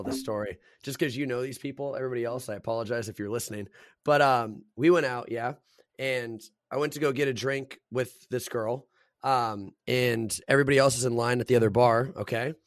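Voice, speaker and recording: A man's voice: medium pitch, no room sound, clean studio sound. A young man hosting a casual podcast chat, telling rambling stories full of swearing and "bro". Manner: swears a lot, says "bro" and "dude"; rambling animated storyteller.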